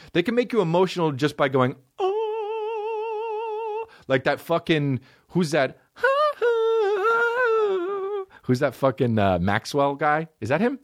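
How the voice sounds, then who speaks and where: A man in his thirties hosting a podcast on his own, chatting in a rambling, profane way and breaking into high, silly voices. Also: dry recording, studio quality. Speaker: podcast host. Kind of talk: casual solo podcast chat.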